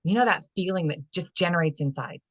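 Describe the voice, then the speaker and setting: A woman's voice: on the low side, a little fast, dry recording. A woman holistic fitness and life coach, a guest in a conversational podcast interview, talking earnestly in a rambling way with many fillers. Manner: rambling and earnest, many "you know" fillers, acts out inner dialogue.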